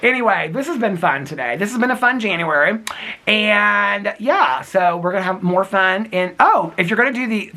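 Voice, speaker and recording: A giggly, talkative man in his fifties vlogs casually to camera outside in the snowy cold, calling his viewers girl and honey. His voice sits high and sounds pushed and bright.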